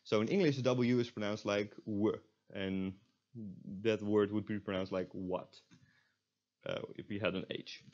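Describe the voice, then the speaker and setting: A man's voice: fairly low pitch, fairly even intonation, moderate pace, a little mellow. A young man with a Dutch accent, explaining pronunciation in a casual recorded lesson, with many fillers and restarts. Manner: hesitant, lots of fillers and restarts, demonstrates sounds. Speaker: Dutch language tutor. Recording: dull lo-fi sound.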